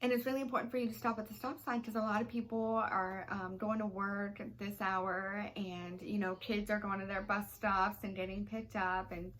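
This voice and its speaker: A woman quoting a calm, patient male police officer who explains things steadily in her own voice. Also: high voice, normal speed, hardly any pauses, poor audio.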